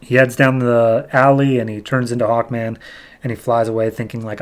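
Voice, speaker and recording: His voice is mid-range and his delivery flat as he hosts a podcast recapping comic books in a loose, rambling way. Now and then he acts out the characters' lines in quick quoted voices while retelling scenes.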